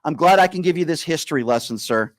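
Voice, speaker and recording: Radio host, male, high-pitched, dry close sound; combative, insulting, deliberately slow lecturing. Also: animated, no echo, low-quality recording. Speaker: radio talk show host. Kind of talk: live call-in radio.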